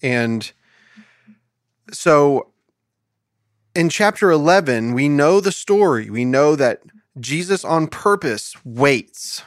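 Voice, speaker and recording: A man hosting a podcast Bible study, reading scripture slowly and asking his guest questions. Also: on the high side, animated, no echo, clean studio sound. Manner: reads scripture aloud slowly, asks questions, laughs easily. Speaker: podcast host. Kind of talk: casual Bible study discussion.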